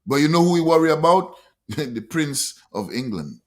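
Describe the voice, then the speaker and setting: Man, slightly high voice, preachy co-host. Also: very animated, moderate pace. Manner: preachy, emphatic. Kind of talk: casual podcast chat.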